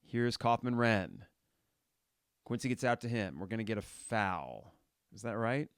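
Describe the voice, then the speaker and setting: Male podcast host, low voice, dry sound; live play-by-play, blunt and cussing. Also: lively intonation, a little slow, clear, resonant tone, no room sound. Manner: blunt and frustrated, shouts at players; swears casually. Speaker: podcast host reacting live to a basketball game.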